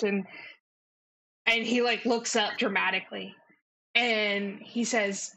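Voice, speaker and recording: A woman narrating as game master, often pausing and restarting. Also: mid-range voice, steady tone, sharp tone, low-quality recording. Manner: hesitant, many restarts.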